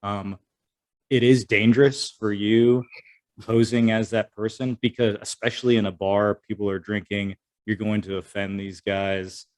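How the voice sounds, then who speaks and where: A man's voice: on the low side, flat delivery, unhurried, a little mellow, no echo. A man co-hosting a podcast, talking emphatically and repeating words to make his point. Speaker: podcast co-host, former Army Ranger. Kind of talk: casual conversation.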